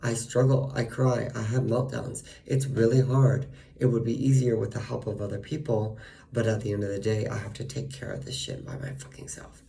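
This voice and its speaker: A man's voice: fairly low pitch, level tone, normal speed, gravelly, mellow. A man venting in a casual monologue, profane and ranting, full of fillers. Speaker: vlogger.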